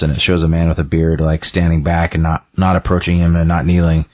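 A man's voice: low-pitched, completely flat delivery, a little fast, a little mellow. A man casually retelling a game's story, rambling along with many fillers. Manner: rambling, lots of "he's like" and fillers. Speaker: game plot recapper.

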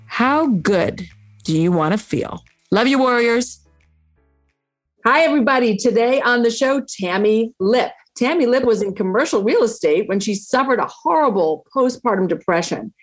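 Upbeat lady podcast host, hypes everything up, faint music behind. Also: medium pitch. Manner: enthusiastic, motivational. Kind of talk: upbeat podcast promo and interview.

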